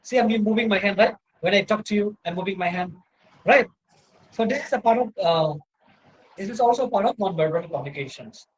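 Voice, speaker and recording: A male university lecturer with an Indian English accent gives an online video lecture indoors, speaking into his laptop microphone. His voice sits high and moves a little fast, the sound is lo-fi, and he rambles, repeatedly saying "you know" and checking in with "right?".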